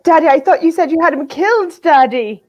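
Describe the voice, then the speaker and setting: A spoiled, panicky daughter whines and demands in a very high voice, as a woman improvises her. Her pitch swoops wildly, and the sound comes through dull and muffled. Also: animated, a little fast, a little mellow. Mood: panicked. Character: shrill spoiled daughter of a businesswoman.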